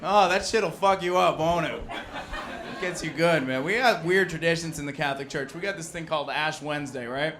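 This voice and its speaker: Speaking at a moderate pace in a somewhat high, slightly bright voice, a young man performs brash, profane stand-up and works the room. The set is captured live in the basement of a loud bar, with laughter from the audience and slight background noise.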